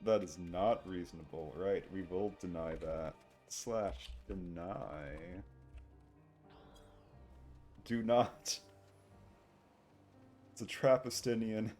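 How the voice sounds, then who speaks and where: A male streamer talking casually to chat while playing a game, in a relaxed, low-key way. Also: measured pace, pauses often, soft background music. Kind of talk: live game stream commentary.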